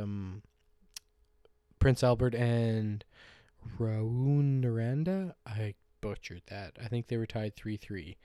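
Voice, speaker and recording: A man's voice: mid-range voice, dark tone, clean tone, no echo, clean studio sound. A man hosting a solo podcast, chatting casually in a loose, rambling, joking way with some swearing. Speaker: podcast host. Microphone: podcast microphone.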